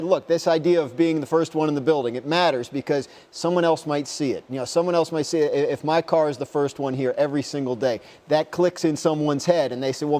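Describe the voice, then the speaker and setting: Sports reporter guy rambling through his answers, kinda high voice, lots of restarts. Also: dark tone. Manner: rambling, many restarts and retold quotes. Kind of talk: conversational interview answers.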